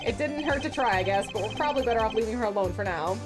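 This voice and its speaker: A woman's voice: a little high, lively intonation, very fast, close to an everyday voice. A woman voicing an eager, chatty young female sidekick in a game. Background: game music.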